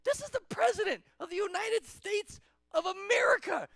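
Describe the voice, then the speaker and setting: A man's voice: very high voice, normal speed, gravelly, fairly bright tone, no room sound, clean studio sound, pitched above the performer's own voice, exaggerated voice. A man playing a dramatic, whiny child who squeals and exaggerates. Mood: freaking out.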